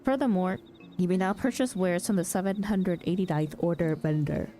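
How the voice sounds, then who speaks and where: A sleepy, yawning woman streaming a game, speaking in quiet, drifting casual asides. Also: lowish voice, moderate pace, soft background music. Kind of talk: casual gameplay commentary.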